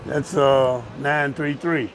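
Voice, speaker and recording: A man's voice: medium pitch, steady tone, takes it slowly, a little hiss or hum. A man hosting a casual shop chat about radio amplifiers, loose and colloquial, joking with callers. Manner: loose, colloquial talker who jokes with callers. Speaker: show host.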